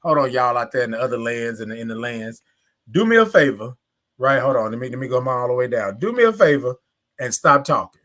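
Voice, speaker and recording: A man's voice: mid-range voice, quick pace, a bit bright. A man with a Southern US accent hosting a casual live stream, cheerfully greeting viewers by name and stretching out his good mornings. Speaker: live show host.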